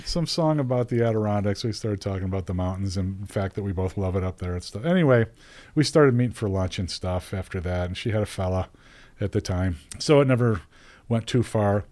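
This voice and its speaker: Middle-aged man, lowish voice, casual rambling storyteller who laughs easily. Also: expressive, fairly quick, darkish tone, rough recording. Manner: chatty, rambling, laughs as he talks. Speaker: guest telling a story.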